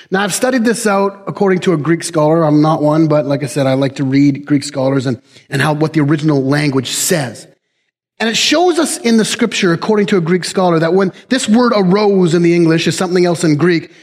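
A man preaching a sermon, swinging between hushed lines and loud, emphatic shouts. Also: high-pitched, big-room sound.

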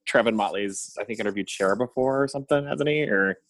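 A comedy performer chatting casually and hesitantly, with frequent restarts. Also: male voice, lowish voice, a little fast, a bit bright. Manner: hesitant, restarts, laughs easily. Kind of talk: casual chat.

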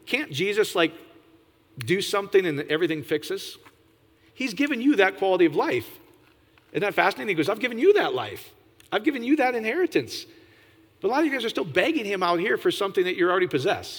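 A man preaching an informal sermon, animated, often jumping to a high, excited pitch and asking his listeners questions. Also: long reverb tail. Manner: animated, jumps to high excited pitch, laughs, asks the audience.

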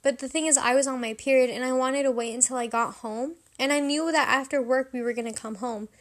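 High-voiced young woman telling a story. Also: a little fast. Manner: rambling, self-deprecating, animated when quoting herself. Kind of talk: casual personal storytelling.

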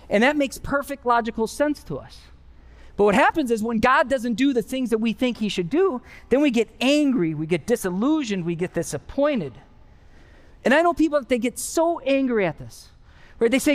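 A pastor preaching a conversational sermon in church, with rising emphasis on his key points. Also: very high-pitched. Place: church sanctuary.

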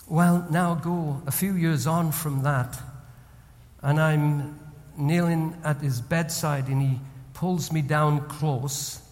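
Sermonizing pastor in a big reverberant hall. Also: male voice, a little high, fairly even intonation, takes it slowly. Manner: swings from soft and hushed to loud and preaching. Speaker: senior pastor.

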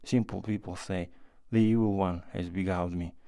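A man reading the part of a remorseful, tearful young woman in a classic story, with a low, gravelly voice and pleading, self-accusing speech. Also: steady tone, normal speed, mellow, no room sound.

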